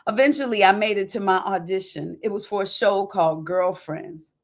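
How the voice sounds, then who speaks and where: A woman's voice: mid-range voice, moderate pace. A woman reading her memoir with feeling. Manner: emotional, dramatic swings from quiet to loud; folksy asides to listeners.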